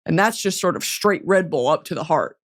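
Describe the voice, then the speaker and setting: A woman's voice: fairly low pitch, lively intonation, brisk. A young woman hosting a comedy podcast, dramatic and swinging between mock outrage and giggles. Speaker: podcast host. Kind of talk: comedic chat.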